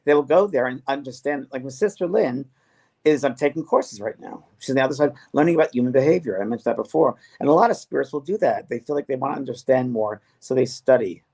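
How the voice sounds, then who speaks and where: A man's voice: mid-range voice, expressive, fast, darkish tone. A middle-aged man, a medium hosting a casual conversation about spirit messages, earnest, with frequent restarts and repetitions. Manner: earnest, repeats himself with many restarts. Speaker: medium and show host.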